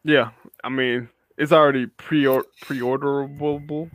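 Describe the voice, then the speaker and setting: A man's voice: medium pitch, flat delivery, slow. A young man co-hosting a casual gaming podcast chat, laid-back and dry, blunt and profane in his remarks. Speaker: podcast co-host.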